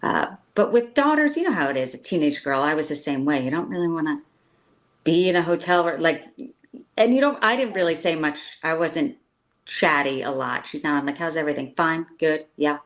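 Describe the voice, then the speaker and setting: A woman's voice: low voice, lively intonation, brisk. A middle-aged woman chatting casually, telling laughing family anecdotes. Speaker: guest. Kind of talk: casual chat.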